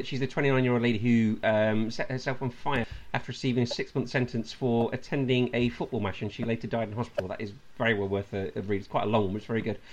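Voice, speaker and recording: A man's voice: medium pitch, fairly bright tone. Man hosting, chuckling through news. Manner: reads news items with chuckles and asides. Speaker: podcast host. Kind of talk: casual football podcast chat.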